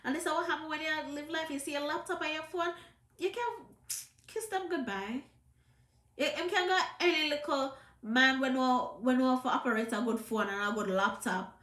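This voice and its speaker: A woman's voice: sits high, moderate pace, a bit bright, roomy sound. A Jamaican woman with a trace of a British accent, giving an emphatic, scolding commentary to camera in patois. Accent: Jamaican, with some British. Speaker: vlogger.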